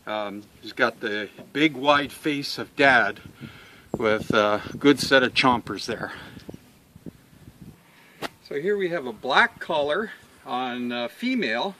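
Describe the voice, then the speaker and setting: Man, slow-spoken, halting with lots of fillers, fond coaxing tone to dogs, outdoors on a farm, camera mic. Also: medium pitch, expressive, bright, forceful tone, a little hiss or hum. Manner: unhurried and halting, with many uh and um fillers. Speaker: dog breeder selling puppies. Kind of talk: casual farm video walkthrough.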